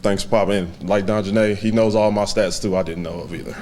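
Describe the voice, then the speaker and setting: A man in his twenties giving a heartfelt, halting acceptance speech to a banquet audience, with many fillers. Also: on the low side, fairly even intonation, a little mellow, a little hiss or hum. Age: 20s. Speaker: hall of fame inductee giving a speech.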